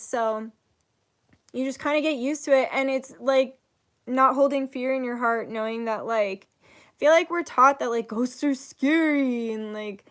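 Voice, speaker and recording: Rambling young woman, spiritual vlogger. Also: a little high. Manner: rambling, says "like" a lot, gets loud and emotional while retelling. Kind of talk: casual chat.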